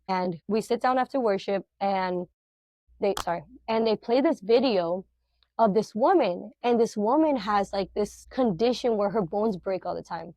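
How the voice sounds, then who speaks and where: A middle-aged woman, a podcast guest, telling a personal faith testimony in an animated, emotional, filler-heavy way. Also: mid-range voice, normal speed, no room sound, lo-fi sound.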